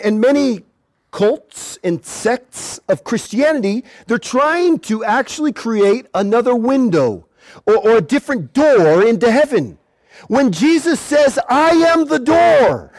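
A male preacher giving an animated evangelistic sermon at an outdoor gathering, repeating words and shouting at times. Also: very high voice, no echo.

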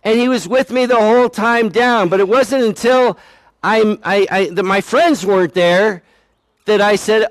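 A man's voice: high-pitched, a little slow, no echo. A man giving a conversational sermon as a pastor, joking at his own expense and acting out the voices he quotes. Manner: conversational, self-deprecating, acts out quoted voices.

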